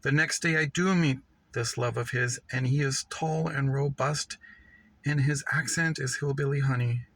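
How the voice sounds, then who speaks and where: A man giving a measured, reflective reading of a literary story. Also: mid-range voice, fairly even intonation, a bit bright, rough recording. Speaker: reader.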